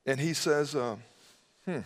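A man preaching a sermon, swinging his pitch and loudness and dropping to a hushed voice when he quotes. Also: unhurried. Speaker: pastor.

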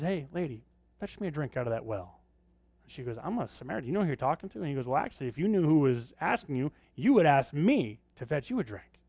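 A man preaches with a fairly high-pitched voice, talking to the congregation as if chatting with them and checking in with frequent rhetorical questions. The sound is dry and close, with almost no room around it. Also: darkish tone, no room sound. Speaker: pastor. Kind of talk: sermon.

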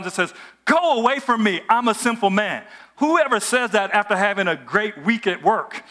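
A man preaching a sermon to his congregation, telling the story with animated asides and acting out the characters' lines. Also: a little high. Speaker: pastor.

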